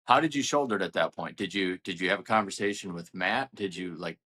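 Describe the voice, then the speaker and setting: Male podcast host, very deep voice, bright edge, encouraging, casual. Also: brisk. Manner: encouraging, short backchannel replies. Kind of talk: casual interview chat.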